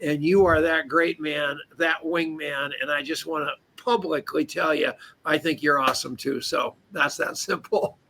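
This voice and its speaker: Male live-show host, raspy and bright, playful storyteller. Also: fairly high pitch, normal speed, hardly any pauses. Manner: animated, teasing storyteller. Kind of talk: casual live-stream chat.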